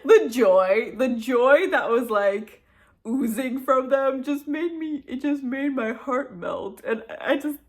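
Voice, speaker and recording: A woman's voice: sits high, expressive, slow pace. A young woman vlogging about a movie in a casual chat, gushing and giggling with lots of fillers.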